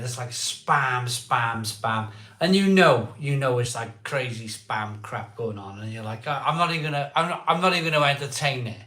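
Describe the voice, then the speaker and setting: A man's voice: medium pitch, bright, forceful tone, reverberant. A man, hosting a casual live stream, joking and laughing as he reads out viewer comments from home. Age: 40s. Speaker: host of a live beer-tasting stream. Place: at home, indoors.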